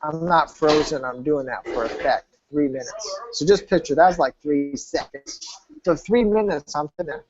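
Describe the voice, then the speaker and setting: Male salesman, emphatic storyteller, direct address, muffled low-fi recording. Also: moderate pace, a little hiss or hum. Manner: emphatic, acts out quoted dialogue; talks straight to the viewer. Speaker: health program salesman. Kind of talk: sales pitch told as a story.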